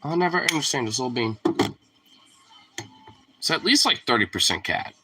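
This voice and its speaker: A young man rambling casually to his dog at home, profane and teasing, jumping into a high squeaky voice to call the pet. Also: sing-song, moderate pace, noisy background. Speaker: vlogger talking to his dog. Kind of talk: casual chat.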